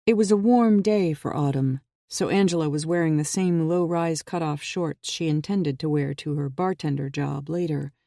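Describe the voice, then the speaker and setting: Gravelly, mellow audiobook narrator. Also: medium pitch, no room sound, studio quality.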